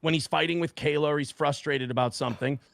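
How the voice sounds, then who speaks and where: A man's voice: on the high side, fast talker, creaky, no room sound. A man in his forties telling a story on a stream in blunt, profane language, acting out what others said. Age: 40s. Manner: blunt, profane, animated retelling with quoted voices. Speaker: guest.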